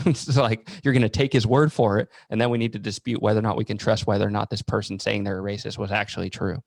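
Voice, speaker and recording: A man's voice: fairly low pitch, level tone, quick pace, creaky, a little mellow, no room sound, clean studio sound. A man talking on a podcast, asking thoughtful questions in a casual chat. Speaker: podcast guest.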